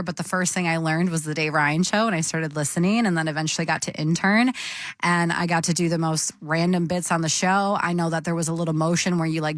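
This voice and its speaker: A female radio co-host talking on air in a studio, earnest and warm with an easy giggle. Her voice sits a bit low for a woman. The mic sound is dry and close. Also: no room sound. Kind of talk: heartfelt on-air tribute. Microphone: studio microphone.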